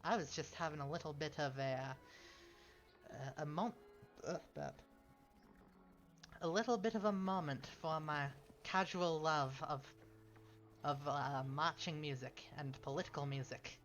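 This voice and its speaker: A man's voice: fairly high pitch, steady tone, a little slow, pauses often, a bit bright. Rambling man streaming a strategy game. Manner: rambling, self-correcting, chuckling asides. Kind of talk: casual gaming stream chat. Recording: slightly dull stream audio, faint game music.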